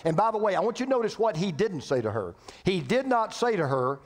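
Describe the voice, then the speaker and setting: A man's voice: high voice, very animated, brisk, few pauses. A man preaching a sermon as pastor, emphatic, with lots of repetition and rhetorical questions, in a church. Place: church sanctuary. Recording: reverberant church hall.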